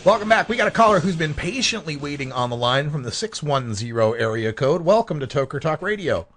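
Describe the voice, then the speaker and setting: A man hosting a talk radio show, lively and laughing easily. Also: fairly high pitch, brisk, faint music behind. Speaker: host.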